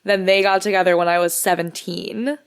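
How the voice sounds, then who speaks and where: A woman's voice: on the low side, steady tone, fairly quick, clean tone. A woman in her thirties co-hosting a podcast, chatting casually and rambling, often laughing. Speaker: podcast co-host. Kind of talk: casual chat.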